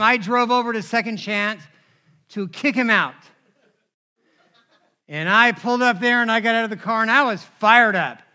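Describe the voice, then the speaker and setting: A man preaching a sermon, telling personal stories in an animated, conversational way and asking the crowd for responses. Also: extremely high pitch. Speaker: pastor.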